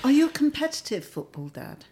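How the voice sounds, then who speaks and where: A woman hosting a chat, asking short questions and adding quick interjections. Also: sits high, very animated, warm tone. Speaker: host.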